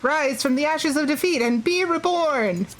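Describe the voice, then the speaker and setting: A woman's voice: sits high, moderate pace, pitched above the performer's own voice, close to an everyday voice. A woman voicing a bombastic, self-important game hero, with grandiose declarations.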